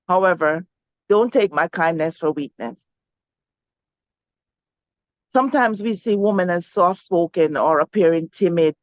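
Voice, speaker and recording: A woman from Jamaica with a Jamaican accent, co-hosting and reflecting calmly and earnestly. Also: fairly low pitch, no room sound, muffled recording. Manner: calm, earnest, measured. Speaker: co-host. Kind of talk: reflective talk.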